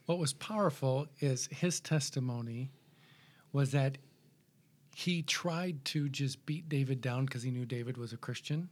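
Male interviewer, mid-pitched, recapping his guest's story in an affirming way. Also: a little slow, darkish tone. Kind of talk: conversational interview.

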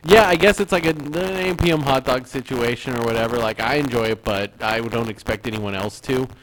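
A man's voice: medium pitch, a little fast, poor audio. Rambling podcast host, a man. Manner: rambling, restarts often, laughs easily. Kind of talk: casual chat.

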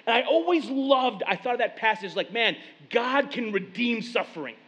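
A male pastor preaching a sermon, retelling scripture stories in lively casual speech. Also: very high-pitched, moderate pace, hardly any pauses, muffled recording. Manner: animated storytelling, paraphrasing scripture in casual speech. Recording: long reverb of a large hall.

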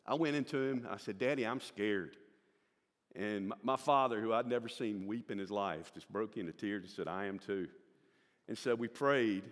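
A man's voice: mid-range voice, fairly bright tone, long reverb tail. A man in his sixties with a Southern American accent gives a personal church testimony, telling stories in a folksy way and acting out the voices of the people in them. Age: 60s.

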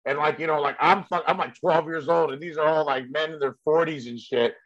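A man's voice: fairly high pitch, fairly even intonation, brisk, a bit bright, no room sound, highs cut off. A male comedian telling a story in casual chat, rambling and profane with many fillers.

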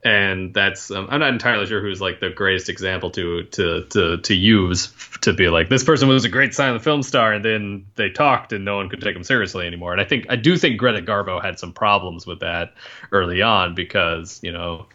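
A man's voice: low voice, fairly even intonation, brisk, sharp tone. A man co-hosting a casual film podcast, rambling and correcting himself as he goes. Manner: rambling, apologetic, self-correcting. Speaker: podcast co-host. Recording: slightly dull, lo-fi sound.

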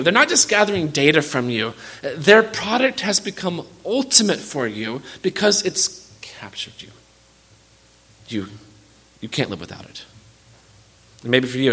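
Man, pastor, sermon, earnest, direct, repeats words on restarts, bright forceful voice. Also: on the high side, breathy edge.

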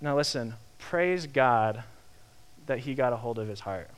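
A young man preaching a sermon in a lively, conversational way, acting out the quotes he tells. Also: medium pitch, a little slow, smooth. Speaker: pastor.

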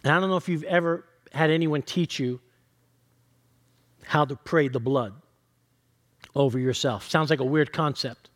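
A man's voice: on the high side, normal speed, pauses often, a bit bright. A male pastor preaching a sermon, reading scripture and teaching in an earnest, direct way.

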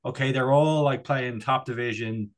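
A man's voice: mid-range voice, fairly even intonation, normal speed. Rambling jokey man. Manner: rambling, jokey, lots of fillers and restarts. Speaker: podcast co-host. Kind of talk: casual chat.

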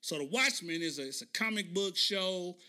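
A man hosting a podcast, telling a story in a casual, animated way and often asking listeners "right?". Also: high voice, moderate pace. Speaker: podcast host.

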